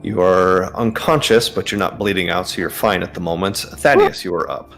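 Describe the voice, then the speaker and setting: A man narrating a tabletop game as game master, relaxed and hesitant, with many fillers. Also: low voice, moderate pace.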